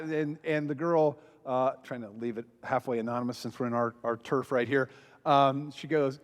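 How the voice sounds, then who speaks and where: A man gives a talk to a conference crowd, telling a story and acting out what each person said. His voice sits a bit high for a man. The sound carries a long reverb from a large hall. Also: moderate pace. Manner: animated storyteller, acts out quoted lines. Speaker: pastor. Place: large hall before an audience.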